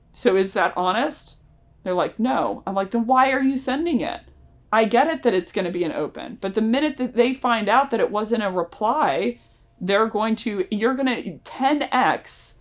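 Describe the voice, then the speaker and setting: A woman in her thirties teaching a sales lesson, energetic and acting out quoted dialogue from reps and buyers. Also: medium pitch. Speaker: sales trainer. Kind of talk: instructional talk.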